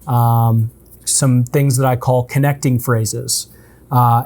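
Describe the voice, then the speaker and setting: A man leading a relaxed, conversational coaching session for a team, often checking in with his listeners. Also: mid-range voice. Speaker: sales trainer. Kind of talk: casual in-person coaching session.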